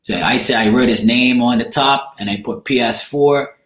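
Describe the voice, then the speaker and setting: A man's voice: mid-range voice, normal speed, fairly bright tone. A man chatting casually to camera, rambling and blunt, with casual swearing. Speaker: tarot reader. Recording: echoey room.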